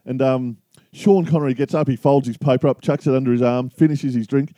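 A middle-aged Australian man co-hosting a casual podcast chat, spinning a long yarn at an easy pace. His voice is mellow and dark, and the sound is dry and close. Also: medium pitch, fairly even intonation, brisk, no echo. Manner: easygoing storyteller spinning a yarn. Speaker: podcast co-host.

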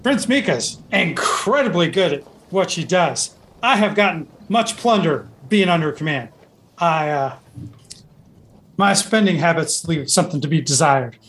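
Game master doing a gruff scruffy dwarf sailor. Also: mid-range voice, animated, a little slow, a bit bright. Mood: grumbling.

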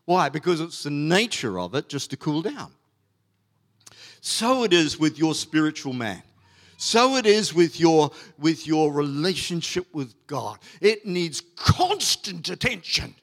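A middle-aged man preaches a sermon from the pulpit. His voice sits a little high for a man. He leans hard on key words and stretches them out, with plenty of fillers and restarts in between. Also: normal speed. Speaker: pastor.

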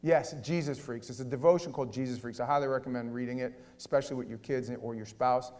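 A male pastor preaching a sermon in a casual, animated way, swinging between loud and hushed delivery. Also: medium pitch, fast.

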